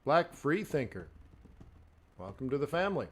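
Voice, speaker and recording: A man's voice: fairly high pitch, very animated, normal speed, husky. A man hosting a live trading stream, giving loose, chatty market commentary and checking in often with the viewers. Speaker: forex trader and stream host.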